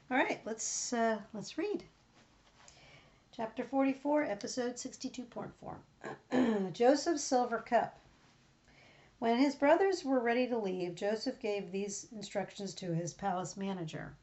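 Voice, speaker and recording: A woman's voice: a little high, measured pace. Woman reading scripture aloud. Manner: steady reading aloud with occasional self-corrections. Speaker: scripture reader. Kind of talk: prayer and Bible reading. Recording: dull lo-fi recording.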